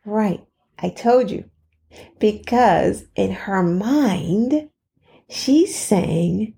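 A woman hosting a podcast, telling a story in a casual, chatty way, laughing between phrases and pausing for effect. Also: mid-range voice, expressive, gravelly, dark tone. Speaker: podcast host.

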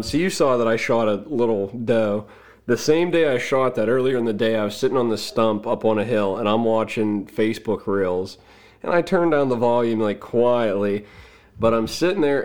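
A man speaks as a podcast guest in an easygoing, anecdotal way. His voice sits in an ordinary middle register, and he tells stories casually, chuckling at his own punchlines. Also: medium pitch. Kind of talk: casual storytelling.

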